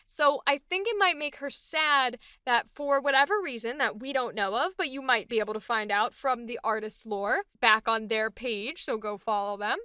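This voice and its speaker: A woman's voice: fairly high pitch, normal speed, few pauses, pushed and bright, clean tone, dry recording, clean studio sound. A woman voice actress chatting enthusiastically about a character she is voicing. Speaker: voice actress hosting a character series. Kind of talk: casual chat.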